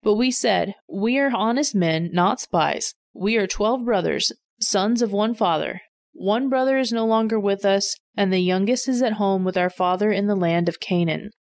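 A woman's voice: medium pitch, normal speed, no echo, clean studio sound, close to an everyday voice. A woman reading the lines of a group of worried adult brothers, in a plain read-aloud delivery. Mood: reporting.

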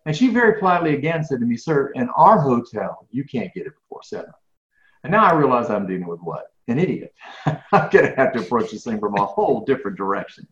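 A man's voice: medium pitch, quick pace. A man telling stories in an interview, acting out dialogue with lots of repeated words. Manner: animated storyteller, acts out dialogue, repeats words. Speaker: professional speaker, guest. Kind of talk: storytelling interview answers. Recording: echoey, dull lo-fi audio.

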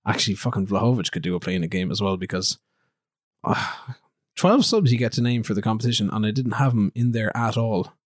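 A man co-hosting a podcast from home, chatting casually, rambling and teasing his co-host with quick laughs. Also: on the low side, expressive, no room sound, clean studio sound. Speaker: podcast co-host playing a management game. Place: remote recording from home.

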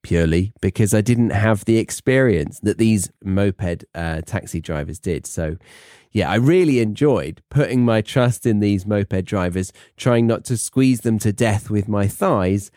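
Chatty British man, low dry voice. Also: warm tone, no echo. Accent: British English. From England. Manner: chatty, self-mocking, rambling asides. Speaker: podcast host. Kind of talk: casual monologue for English learners.

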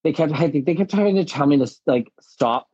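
A young adult man, a drag performer guest, telling his story with lively acted-out quotes and frequent laughs over a live video call. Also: fairly high pitch, fairly quick, breathy edge, no room sound. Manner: animated storytelling, acts out quotes, laughs often. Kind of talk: casual interview chat. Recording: dull lo-fi live-stream audio.

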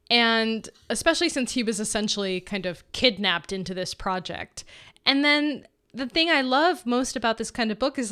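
A woman's voice: on the high side, sharp tone, clear, resonant tone. A woman co-hosting a casual book discussion over a video call, chatty and teasing. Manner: chatty, teasing, laughs easily. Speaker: podcast co-host.

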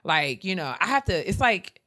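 Animated woman podcast host, lowish voice. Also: moderate pace. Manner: animated storytelling, acts out her mother in a higher voice. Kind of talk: casual chat.

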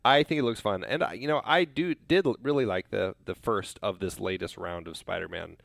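A man's voice: fairly low pitch, a little fast, creaky, fairly bright tone, dry recording. A man co-hosting a casual film podcast, teasing and laughing often. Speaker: podcast co-host.

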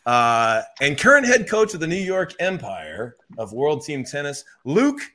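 A man's voice: a little high, huge pitch swings, measured pace, very noisy. A young man hosting a comedic sports podcast over a remote call, teasing his guests. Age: young adult. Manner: joking, teasing. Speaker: podcast host.

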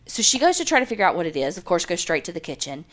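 A woman's voice: lowish voice, big pitch swings, racing, fairly bright tone. A woman co-hosting a podcast, casually retelling a true crime story with lots of profanity and filler words. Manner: profane, chatty retelling with many "like" fillers and acted quotes. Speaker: podcast co-host.

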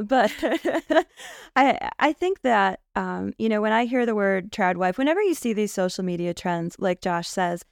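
A woman's voice: on the low side, gravelly, dry recording, studio quality. A woman on a casual panel podcast, thoughtful and laughing lightly between her points.

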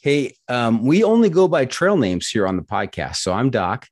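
A man's voice: mid-range voice, big pitch swings, moderate pace. A man hosting a casual podcast interview, easygoing and joking dryly with his guest. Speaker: podcast host.

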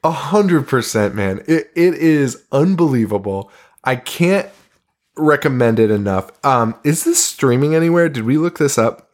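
A man's voice: mid-range voice, animated, a little slow. A man co-hosting a podcast in casual chat, laughing often and swearing as he retells scenes. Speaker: podcast co-host.

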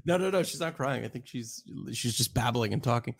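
A man hosting a casual podcast, lively and animated, acting out both sides of imagined conversations. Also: medium pitch, brisk, over a noisy crowd. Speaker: podcast host. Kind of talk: casual podcast chat about pitching stats.

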